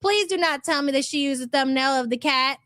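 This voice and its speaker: A woman's voice: high voice, fairly quick, a bit bright, dry recording, clean studio sound. A woman giving exasperated, sarcastic reaction commentary and reading chat aloud. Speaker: commentary YouTuber.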